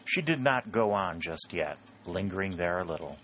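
A man narrating an audiobook in a measured, steady way. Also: low voice, a little hiss or hum.

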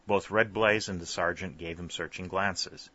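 A man narrating a story, with steady, even storytelling. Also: low voice, normal speed, husky. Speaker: audiobook narrator. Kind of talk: scripted narration. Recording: slightly dull, dry recording.

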